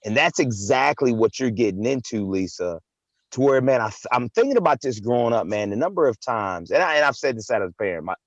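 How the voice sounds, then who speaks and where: A man's voice: medium pitch, very animated, a little fast, dry recording, highs cut off. A man hosting a live talk show, chatting casually and animatedly, often repeating words and saying "man" and "right". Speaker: host. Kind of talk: casual chat.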